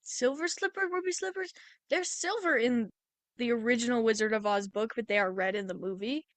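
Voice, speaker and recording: A chatty woman recaps a film in a loose, rambling way, often stopping to restart her sentences. Her voice sits fairly high, and the sound is dry and close with no room echo. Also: fairly quick. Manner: rambling plot retelling with frequent restarts. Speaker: podcast co-host. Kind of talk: casual movie review chat.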